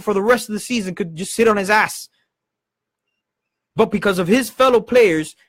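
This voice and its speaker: A man with a high voice rants on a live football stream. He is heated and swears often, talking in fast bursts. The sound is close and dry, with little room. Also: fairly bright tone, slightly rough, no echo. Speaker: football channel host. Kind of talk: passionate live-stream rant.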